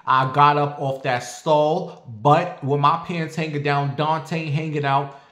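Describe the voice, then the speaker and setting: A man telling a story in a casual monologue to his viewers, animated and profane, addressing them directly. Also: a little high, slow pace, reverberant.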